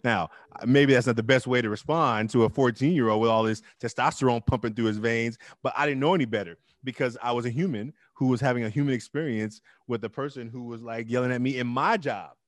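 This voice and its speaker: A middle-aged man telling his story as an interview guest, emphatic and animated with loud bursts. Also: mid-range voice, fast talker, few pauses, dry recording, clean studio sound. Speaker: interview guest, teacher and club founder.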